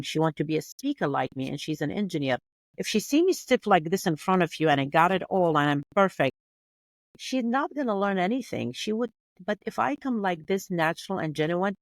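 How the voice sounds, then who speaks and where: A woman's voice: lowish voice, expressive, normal speed, no echo. A woman with a Kurdish accent, a native Kurdish speaker, talking as a podcast guest in an earnest way, often restarting and repeating words. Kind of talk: casual interview chat.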